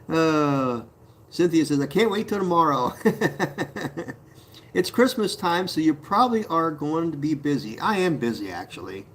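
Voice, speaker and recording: Male potter hosting a live stream, slightly higher voice, chatty, often breaks into laughter. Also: expressive, moderate pace, fairly bright tone. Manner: chatty, laughs often, talks to viewers by name. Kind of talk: casual live-stream chat reading comments. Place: pottery studio.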